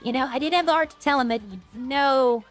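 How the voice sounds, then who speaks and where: A woman's voice: high voice, very fast, soft background music. A woman streamer rambling in casual, self-deprecating chat with her viewers.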